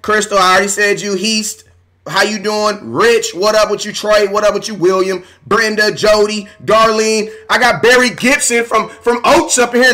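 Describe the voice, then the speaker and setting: Hyped, bright-voiced man on a live stream. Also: high voice, fairly quick. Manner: shouting out viewers by name, hyped and talkative. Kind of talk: casual live stream chat.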